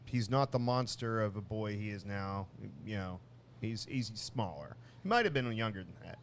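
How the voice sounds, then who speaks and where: A man co-hosting a casual podcast, telling a long family story with many restarts and lively acted-out bits. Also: on the low side, normal speed, a little hiss or hum. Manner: rambling, restarts often, animated when telling a story. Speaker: podcast co-host.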